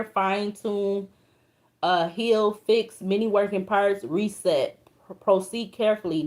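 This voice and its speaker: A woman's voice: mid-range voice, darkish tone. A young woman doing a casual tarot reading, reading card meanings aloud in an emotional, colloquial way. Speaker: tarot reader.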